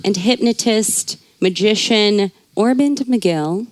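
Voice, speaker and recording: A woman's voice: mid-range voice, slow pace, no room sound. A woman co-hosting a podcast in casual chat, chatty and fussing over small details, drifting mid-sentence. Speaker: podcast co-host.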